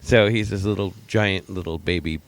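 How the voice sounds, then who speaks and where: A man's voice: low voice, steady tone, normal speed. A middle-aged man co-hosting a podcast, telling rambling stories in a teasing, casual way. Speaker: podcast co-host. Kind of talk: casual chat.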